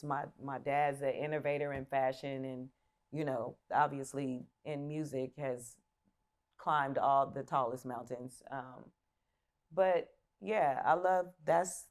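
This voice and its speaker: Middle-aged woman guest, very low voice, unhurried, relaxed and easy-laughing. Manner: relaxed, laughs easily, hesitant restarts. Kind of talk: casual interview chat.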